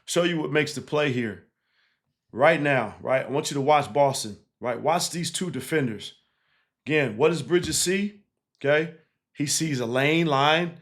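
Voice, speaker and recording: A man's voice: fairly high pitch, unhurried. Chatty man breaking down game film. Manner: animated, keeps checking in with 'right?' and 'again'; laughs easily while explaining.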